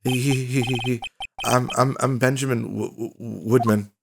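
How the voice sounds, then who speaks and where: A man voicing a timid, stammering young male ventriloquist, quiet and halting, over game music. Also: medium pitch, fairly even intonation, creaky, background noise, close to an everyday voice. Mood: nervous. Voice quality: stuttering, halting.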